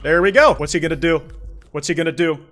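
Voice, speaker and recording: A young man streaming a video game, swearing, talking to the screen and yelling when things go wrong. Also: fairly high pitch, fast, soft background music. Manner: excitable, profane, yells and shrieks at the game. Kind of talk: gaming commentary.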